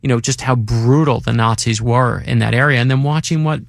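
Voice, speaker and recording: A male author being interviewed in a radio studio, an excited storyteller who acts out quotes. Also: medium pitch, brisk, vocal fry, no echo. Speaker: author guest. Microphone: studio microphone.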